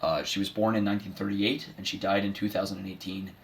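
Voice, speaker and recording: A washed-up middle-aged horse, as a man plays him, talks in a somewhat low voice with dry, bitter sarcasm. He is self-deprecating and keeps undercutting his own grief with jokes. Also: little pitch movement, quick pace, vocal fry. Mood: sardonic. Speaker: son giving a eulogy. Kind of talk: comedic dramatic monologue.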